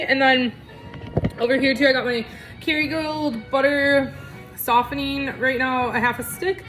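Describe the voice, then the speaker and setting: A woman's voice: sits high, steady tone, unhurried, fairly bright tone, soft background music. A middle-aged woman chatting casually to viewers while cooking in her home kitchen. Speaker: cooking vlogger.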